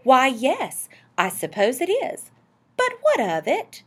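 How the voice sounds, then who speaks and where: A fussy middle-aged housewife from a storybook speaks in a prim, scolding way, as a woman reader puts her on. Her voice is slightly husky and swings lively up and down. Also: mid-range voice, measured pace, full character voice.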